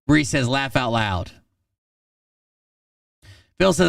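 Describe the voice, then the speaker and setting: Gravelly man reading texts with sarcasm. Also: mid-range voice, expressive, slow pace, pauses often, no room sound, studio quality, distant mic. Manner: sarcastic, profane asides between read-out messages. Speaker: commentator reading out text messages. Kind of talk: reading out and mocking text messages.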